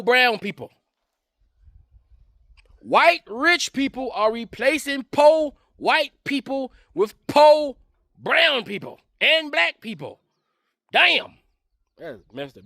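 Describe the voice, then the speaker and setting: A man's voice: on the high side, a bit bright, no echo, clean studio sound. A man giving a taunting, mocking political commentary rant to camera, repeating his jabs over and over. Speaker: online commentator.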